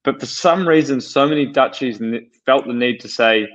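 A man's voice: medium pitch, moderate pace, a bit bright. A man from New Zealand, a podcast co-host telling rambling, laughing anecdotes in casual chat. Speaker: podcast co-host, pro cyclist. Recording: dull lo-fi sound.

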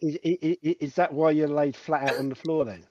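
A man's voice: on the high side, steady tone, brisk, dull audio, crowd noise. A man chatting as a player in a tabletop game, joking and stumbling over his restarts. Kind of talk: casual chat in a tabletop game.

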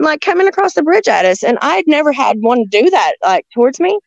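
A woman's voice: high-pitched, big pitch swings, fairly quick, gravelly, hardly any pauses, no echo. A woman telling a story in casual, rambling talk, often restarting her sentences. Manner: rambling, with restarts and frequent laughs. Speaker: guest recounting encounters. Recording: dull lo-fi sound.

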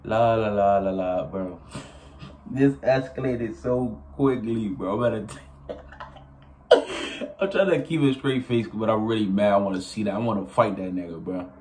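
A young man telling a story casually to his viewers, animated and profane, often laughing as he goes. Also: fairly low pitch, normal speed, noisy background. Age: young adult. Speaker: vlogger.

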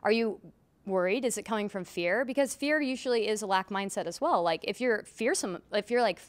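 A woman's voice: mid-range voice, a little fast. A woman guest on a casual podcast, speaking earnestly and motivationally, thinking aloud about mindset. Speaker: musician guest. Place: room in Nashville.

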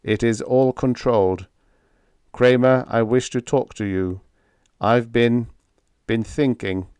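A man voicing an old male professor whose mind now runs a spaceship, speaking through a wall speaker in a halting, toneless way. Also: medium pitch, darkish tone, smooth, no room sound. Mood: dry. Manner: toneless, halting, without inflection.

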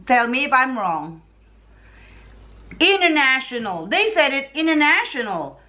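A Filipina woman with a Filipino accent chatting casually in a vlog, telling stories in an animated way. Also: high-pitched, measured pace. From Philippines. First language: Tagalog. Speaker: vlogger. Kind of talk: casual chat.

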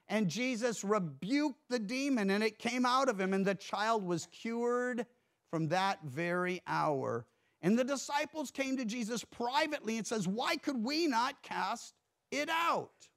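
A man pastor preaching a sermon in a church, earnest, swinging between emphatic rises and hushed drops. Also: sits high, lively intonation, unhurried.

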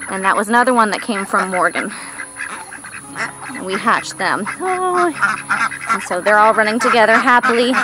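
A woman giving a casual farm tour as a vlogger, often switching to a high, cooing baby-talk voice for the animals. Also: lively intonation, moderate pace, pauses often, very noisy. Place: outdoors on a farm. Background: background music.

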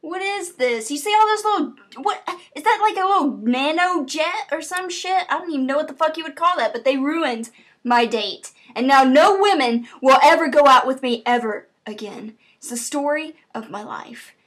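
A woman hosting a let's play, reacting to the game with swearing, laughing and shouting. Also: high-pitched, lively intonation, moderate pace. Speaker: gaming channel host.

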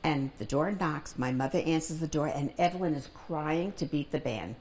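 A woman in her nineties recalls her family in a calm, deliberate manner. Her voice sits very low. She was recorded in a library reading room. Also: a little hiss or hum. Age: 90s. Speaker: interviewee. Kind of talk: storytelling in an oral history interview.

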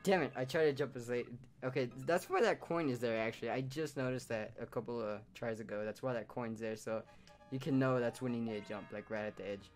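A man talks through his own platformer gameplay in a mid-range voice, with hiccups breaking up his sentences. He bursts into loud surprised shouts, then drops back to low muttering. Faint game music plays behind him. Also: a little fast. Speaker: gaming YouTuber. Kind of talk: casual gameplay commentary.

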